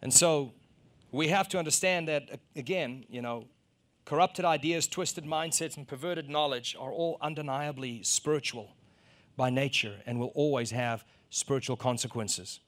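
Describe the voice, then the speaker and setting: At a moderate pace and in a mid-range voice, a middle-aged South African man delivers a sermon built around a personal story. He dramatizes the exchanges in it, climbing to loud emphasis.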